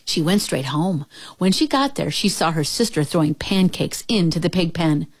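A woman reads a children's storybook aloud, expressive and lively. Her voice sits a little low but leaps around with lots of movement. The recording is close and dry. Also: normal speed, husky, dry recording.

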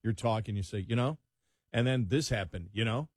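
A man's voice: fairly low pitch, brisk, darkish tone, breathy edge, no echo, studio quality. A man with a Buffalo accent co-hosting a radio talk show in casual, loose on-air chat. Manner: conversational, loose, chuckling.

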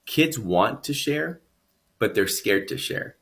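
A man's voice: mid-range voice, expressive, slow pace, fairly bright tone. A man, a guest in an interview, telling his own story earnestly and reflectively, often repeating words as he builds up. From San Antonio, Texas.

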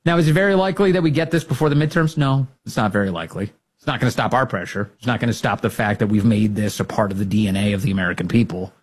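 A man's voice: steady tone, racing, husky. Fired-up male political talk host. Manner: emphatic, rallying, swings to high pitch when fired up. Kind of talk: opinionated commentary.

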